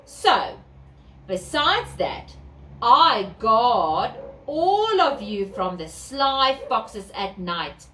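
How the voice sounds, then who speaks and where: A woman's voice: on the high side, big pitch swings, extremely slow, pushed and bright, slight background noise, exaggerated voice. A woman voicing a loyal, self-satisfied male farm guard dog in a storybook reading. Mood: proud. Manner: boastful, barking woofs. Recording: echoey room, distant mic.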